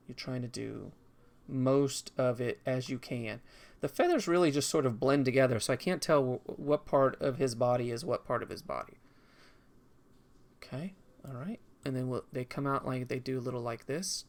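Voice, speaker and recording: A man in a mid-range voice at a moderate pace streams a video game, offering casual commentary. He rambles along, talking to himself as he draws.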